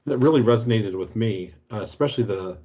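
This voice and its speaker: A man moderating a corporate training webinar over a video call, easygoing and halting, with many fillers. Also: on the low side, warm tone. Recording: muffled video-call audio.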